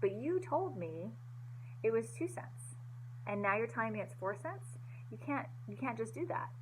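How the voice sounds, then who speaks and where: A woman's voice: on the high side, big pitch swings, moderate pace, a little hiss or hum, pitched above the performer's own voice, rough recording. A woman voicing an indignant male farmer who is pleading that he is ruined. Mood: aggrieved. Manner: pleading, aggrieved.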